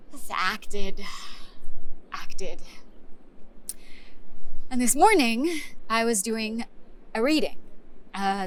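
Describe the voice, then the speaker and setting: A rueful young actor, American-voiced. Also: female voice, mid-range voice, a bit bright, slight background noise, rough recording. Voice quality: halting, confessional delivery full of pauses and restarts. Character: wry, rueful young woman actor, candid and searching. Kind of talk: filmed stage monologue.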